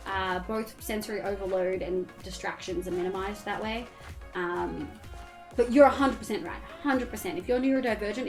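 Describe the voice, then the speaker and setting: A young Australian woman streamer chatting casually and candidly with her viewers while she plays, swearing now and then. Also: mid-range voice. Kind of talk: casual chat while gaming.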